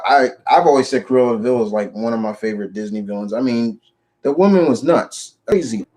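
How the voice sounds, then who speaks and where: A man hosting a casual live chat about movies, talking in an animated, rambling way with lots of restarts. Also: mid-range voice. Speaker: show host.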